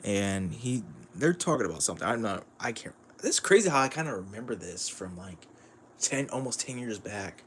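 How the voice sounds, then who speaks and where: A man's voice: on the low side, big pitch swings, normal speed, a little hiss or hum. A man streaming casual commentary on a manga, rambling with lots of fillers and frequent chuckles.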